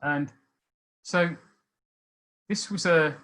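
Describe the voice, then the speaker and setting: A man in his sixties from Birmingham with a Birmingham accent, talking about his life in a thoughtful, hesitant way with many pauses and restarts. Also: a little high, bright, forceful tone, a little hiss or hum, poor audio. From Birmingham, England. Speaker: speaker sharing life experience. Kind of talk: reflective personal talk.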